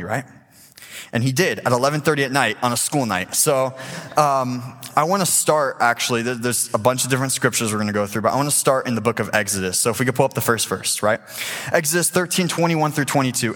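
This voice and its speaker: An eighteen-year-old man giving a casual, animated sermon as a youth preacher, acting out voices as he tells the story. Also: mid-range voice, quick pace. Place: church sanctuary. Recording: reverberant church hall.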